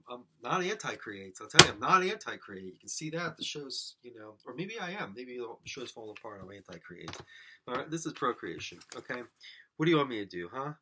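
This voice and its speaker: A lowish-voiced man hosts a silly podcast alone, with noise in the background. In his rambling comic monologue he's absurd and self-deprecating, speaking to an audience he's imagining.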